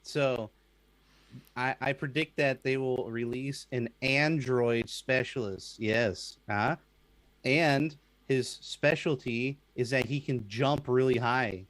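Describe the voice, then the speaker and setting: A playful man pitches silly ideas on a gaming podcast, stopping and restarting with plenty of fillers. His voice sits mid-range for a man and is recorded close and dry, with no room echo. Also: fairly bright tone. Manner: playful, halting, full of fillers. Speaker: podcast guest. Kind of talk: casual gaming chat.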